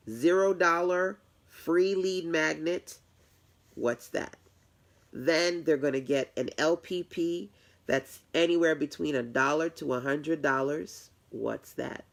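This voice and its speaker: Woman webinar coach: upbeat, colloquial, gravelly edge. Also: low voice. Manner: upbeat, chatty, laughs often; colloquial, acts out clients' voices. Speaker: business coach hosting a web class. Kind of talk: live webinar teaching.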